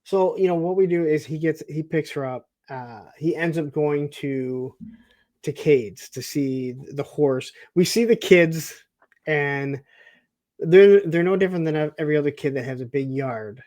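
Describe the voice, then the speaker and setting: A man from the Detroit suburbs co-hosting a casual TV recap, telling the story in an animated way and acting out the characters' lines. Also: on the high side, measured pace, no echo. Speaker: podcast co-host.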